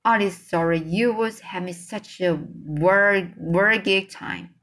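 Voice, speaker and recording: A woman reading a children's book aloud, voicing a huge gentle old male giant who talks slowly and mixes up his words. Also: mid-range voice. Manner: slow, drawn-out speech with jumbled words.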